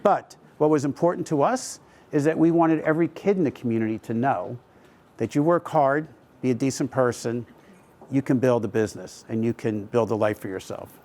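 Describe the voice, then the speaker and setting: A middle-aged company co-founder gives a talk at a live event, telling stories conversationally with lots of fillers. His voice is medium-pitched and darkish at a normal speed, with a slight hiss or hum on the recording.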